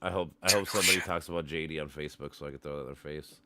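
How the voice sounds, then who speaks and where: A man's voice: very deep voice, steady tone, racing, crowd noise. A man hosting a casual stream, talking bluntly with lots of swearing and laughing. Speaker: stream host. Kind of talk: casual profane chat.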